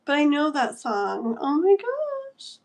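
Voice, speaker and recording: A woman's voice: sits high, huge pitch swings, slow pace. A woman in her thirties hosting a casual livestream, chatting and giggling while reading comments aloud. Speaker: livestream tarot host.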